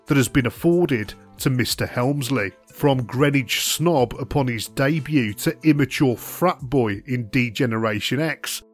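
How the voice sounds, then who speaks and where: A man reading a scripted retrospective narration in a steady, even documentary manner. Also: mid-range voice, a little slow, few pauses, faint music behind.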